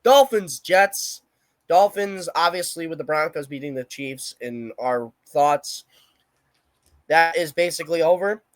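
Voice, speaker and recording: A young man with a notably high voice co-hosts a casual sports podcast. He talks brashly and opinionatedly, happy to trash-talk. The sound is dry and close, with no room in it. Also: measured pace, dry recording. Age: young adult. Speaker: podcast co-host.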